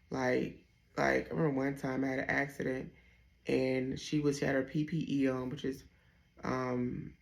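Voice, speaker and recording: A young man candidly telling his personal story, hesitant, with many pauses and restarts. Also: medium pitch, creaky. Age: young adult. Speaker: vlogger sharing his dialysis story.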